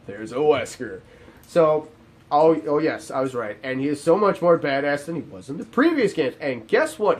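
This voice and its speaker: A man ranting through a sarcastic, profane video game review. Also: a little high.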